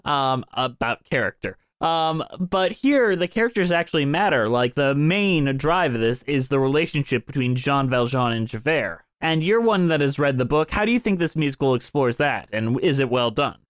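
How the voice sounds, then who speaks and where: A man's voice: mid-range voice, expressive, normal speed, few pauses, no echo, studio quality. A man co-hosting a casual podcast about musicals, enthusiastic and casually swearing. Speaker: podcast co-host.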